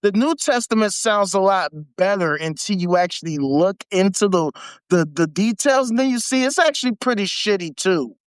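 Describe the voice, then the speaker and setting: A livestream host at home reads out an article, peppering it with crude, mocking remarks and laughing between rants. Medium in pitch, the voice is animated, at a moderate pace, with no echo.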